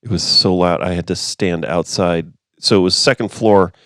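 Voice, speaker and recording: A man's voice: sits low, fairly even intonation, normal speed, a bit bright, no room sound, clean studio sound. A man co-hosting a podcast who chuckles and often trails off in half-finished sentences. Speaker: podcast co-host, musician. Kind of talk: casual chat about music and film.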